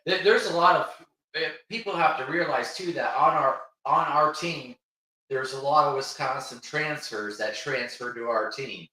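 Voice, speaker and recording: A middle-aged man with a Northern New York accent co-hosting a casual sports chat, easygoing and quick to agree. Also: mid-range voice, sharp tone, heavy reverb, distant mic, rough recording. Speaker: co-host.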